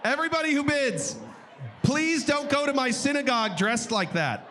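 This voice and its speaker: A man with a strikingly high voice runs a live charity auction at a gala, chanting bids in quick bursts. He often raises his voice to a shout to reach the room. A faint hum of the hall sits behind him. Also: animated, some chatter behind.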